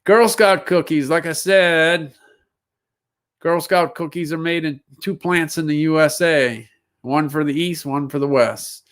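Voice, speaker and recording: Guy on a livestream reading off product listings and musing to himself, voice a bit on the high side. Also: measured pace, fairly bright tone. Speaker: livestream seller host. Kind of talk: casual solo livestream commentary.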